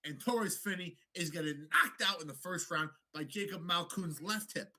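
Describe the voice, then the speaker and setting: A man co-hosting a podcast, chatting about fights in an animated, profane way and slipping into mock voices. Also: high-pitched, normal speed. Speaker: podcast co-host. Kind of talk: casual sports banter.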